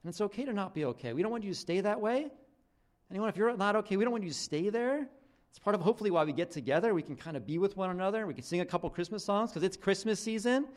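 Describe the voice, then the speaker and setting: Animated, high-voiced young male pastor. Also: fast. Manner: conversational, lots of "like" and restarts. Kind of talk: casual sermon.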